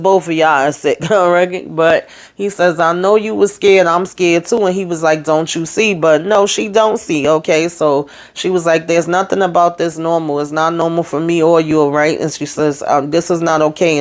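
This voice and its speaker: A woman's voice: low-pitched, fairly even intonation, normal speed. Sassy woman recapping a TV episode. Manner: sassy, chatty retelling with asides to viewers. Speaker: TV recap host.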